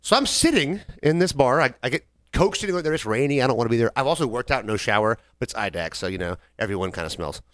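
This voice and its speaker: A man's voice: medium pitch, lively intonation, quick pace, few pauses, no room sound, studio quality. A man co-hosting a podcast, telling a long rambling story in casual chat with quoted voices. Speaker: podcast co-host.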